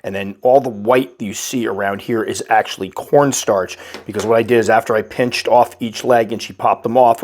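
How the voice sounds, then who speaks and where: A man with a slightly stuffy voice, calmly narrating a casual update about caring for his pet tarantula. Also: on the low side. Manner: calm, explanatory, patient. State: stuffy, recovering from illness. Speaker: tarantula keeper and channel host.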